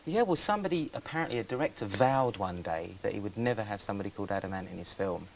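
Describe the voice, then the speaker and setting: A man's voice: fairly low pitch, lively intonation, quick pace, vocal fry, low-quality recording. A man, a television guest chatting casually in a rambling, self-interrupting way. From England. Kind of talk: casual chat. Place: breakfast TV studio. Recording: faint hiss from old VHS tape.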